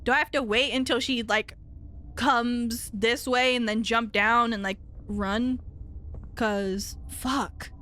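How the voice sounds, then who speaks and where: A woman's voice: a little high, steady tone, takes it slowly, pushed and bright, slight background noise. A woman streamer giving horror game commentary, thinking aloud, swearing, with startled shrieks and laughs.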